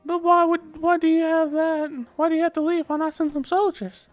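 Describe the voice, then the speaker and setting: Pria menirukan gadis kecil yang merengek dengan suara tinggi. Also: male voice, level tone, moderate pace, dry recording, soft background music. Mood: pleading. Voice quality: high, whiny, pleading. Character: little girls pleading with their father. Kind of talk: reading game dialogue aloud.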